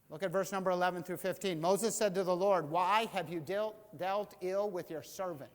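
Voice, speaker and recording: A man preaching a sermon as pastor. He gets animated and acts out the voices of the people he quotes. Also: high-pitched, moderate pace, long reverb tail. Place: church sanctuary.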